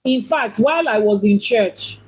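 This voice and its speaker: Speaking unhurriedly, this Ifá priestess and teacher has a somewhat high, husky, slightly mellow voice as she teaches about faith. Rhetorical questions and repeated points carry her talk, and she gets playful imitating how people speak. The recording is rough.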